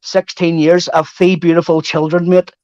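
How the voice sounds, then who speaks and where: Northern Irish man, 30s, high voice, dry close sound, confrontational stream guest. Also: little pitch movement, normal speed, a little mellow, no room sound, highs cut off. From Northern Ireland. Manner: threatening, repetitive, keeps adding "mate". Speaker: guest on a live chat stream. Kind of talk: heated live-stream call-out.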